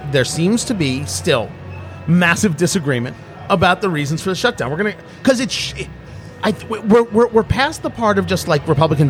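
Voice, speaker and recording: A middle-aged man hosts a loose, joking conversation, often stopping and restarting mid-thought. His voice sits a bit high for a man. A faint bed of music plays underneath. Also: a bit bright. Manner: rambling, self-interrupting, jokey. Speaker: podcast host. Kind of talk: casual tasting chat.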